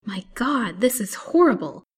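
A woman's voice: medium pitch, fairly even intonation, moderate pace, close to an everyday voice. A woman voicing a terrified young woman held captive, speaking in breathless, frightened tones.

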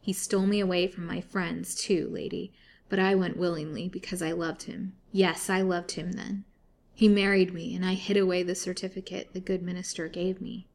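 A woman doing a haunted chained prisoner woman, skeletal and bitter, wailing, gravelly low voice, storybook. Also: level tone, moderate pace, darkish tone, natural voice. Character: wasted, chained female prisoner, wild and bitter.

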